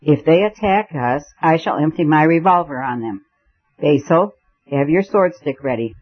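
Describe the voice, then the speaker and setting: A man's voice: on the high side, expressive, normal speed, dull audio. A man voicing an eager young man who plays detective, with dramatic, commanding speech.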